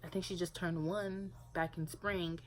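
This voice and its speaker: A woman's voice: fairly low pitch, steady tone, measured pace, a little hiss or hum, rough recording. A young woman vlogging about her family in a casual, rambling way, full of filler words. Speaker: parent vlogger. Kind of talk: casual talk to camera.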